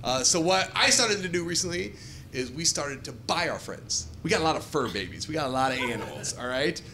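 A man in his forties doing a stand-up comedy set on a club stage, acting out dialogue in animated storytelling, with an audience laughing behind him. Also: a little high, fairly quick, noisy background. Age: 40s. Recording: live club audio with crowd laughing.

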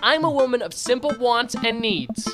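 A woman's voice: fairly high pitch, lively intonation, moderate pace, a bit bright, soft background music. A woman giggling and teasing while reading game lines during a comedic playthrough. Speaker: game player.

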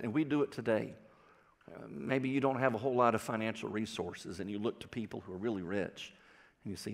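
A man's voice: fairly low pitch, fairly even intonation, fairly quick, gravelly, in a large hall. A man with a Texan accent preaching a sermon, telling stories in a folksy way and putting questions to the congregation. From Texas. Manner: folksy storytelling with audience questions. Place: church sanctuary.

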